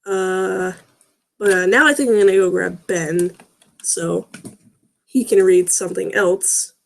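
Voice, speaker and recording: A woman's voice: medium pitch, fairly even intonation, slow pace, creaky. A woman reading fan fiction aloud with sarcastic, groaning asides. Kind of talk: mocking dramatic reading with commentary.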